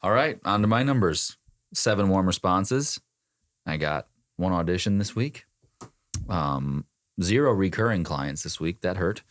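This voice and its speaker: A man's voice: low voice, animated, a little slow, no room sound, clean studio sound. A man co-hosting a casual podcast, joking around as he rattles off his weekly figures. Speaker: podcast co-host, voiceover talent.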